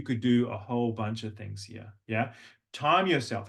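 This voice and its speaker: Here the coach's medium-pitched voice moves a little slowly and shows some vocal fry. He's a middle-aged man with a mostly neutral, lightly Australian accent, teaching a voice workshop warmly and breaking into sung and spoken demonstrations.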